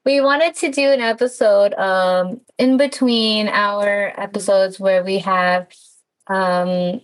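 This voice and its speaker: A woman's voice: mid-range voice, fairly even intonation, slow, poor audio. A woman co-hosting a casual podcast, friendly and encouraging with some fillers. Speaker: podcast co-host.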